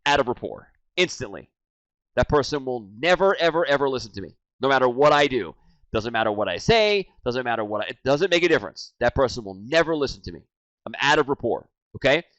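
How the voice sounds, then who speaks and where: A man in his forties teaching sales, energetic and animated, swinging from loud and hyped to low and quiet. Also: a little fast, dry recording. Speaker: sales trainer. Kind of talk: energetic training talk. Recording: dry, slightly dull lo-fi sound.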